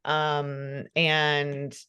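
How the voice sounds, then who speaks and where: A woman hosts a casual, conversational podcast interview, speaking with emotion and fervor and laughing often. Her low voice is bright, smooth and forceful, yet it stays monotone and moves very slowly.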